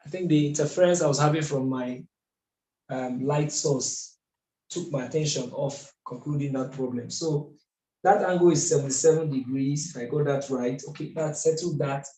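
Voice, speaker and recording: A man teaches math at a board, his voice slightly high and mellow. He works methodically and keeps asking rhetorical questions. The recording carries a roomy echo. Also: normal speed. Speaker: math tutor. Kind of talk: whiteboard lesson. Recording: echoey room.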